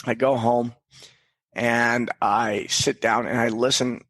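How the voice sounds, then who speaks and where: On a podcast, a male guest tells a candid personal story in an earnest, reflective way, swearing casually and restarting often. His voice is medium-pitched and fairly bright, with a level tone and slow pace, captured in a dry recording.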